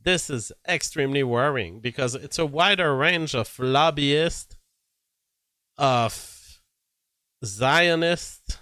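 A man's voice: a little high, slow, pushed and bright, no room sound. A man, a blunt and profane political commentator, reading posts aloud and giving his opinion on them in casual talk.

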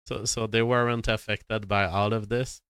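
A man's voice: lowish voice, level tone, moderate pace, a bit bright, clean tone, no echo. A man from Canada telling a rambling, profane, self-dramatizing anecdote. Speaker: storyteller. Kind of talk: casual anecdote.

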